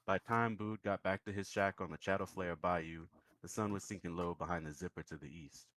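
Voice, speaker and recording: A man running a tabletop game as game master, telling the story in a relaxed, easygoing way. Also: low voice, dry recording.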